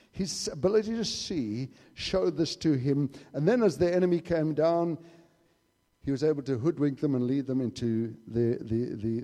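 A man preaching a sermon in church, emphatic, swinging between loud declarations and hushed asides. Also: mid-range voice, slightly rough. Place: church hall. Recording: reverberant hall.

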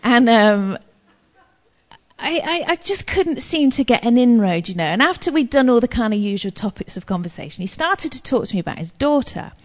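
A woman's voice: on the high side, very animated, normal speed. Chatty woman preaching in a hall. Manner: chatty, self-deprecating, frank. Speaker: Christian speaker. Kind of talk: testimony-style preaching. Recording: long reverb, dull lo-fi sound.

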